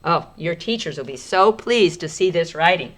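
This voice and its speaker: Woman teacher, writing lesson for small children, low voice, stretches out word sounds, encouraging. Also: animated. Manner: sounds out words slowly while writing; gentle encouraging teacher talk.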